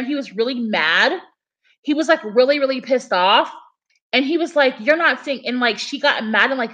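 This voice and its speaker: A woman's voice: high voice, pushed and bright. A young woman chatting casually on a livestream, telling a story in a rambling way full of fillers. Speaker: livestream host.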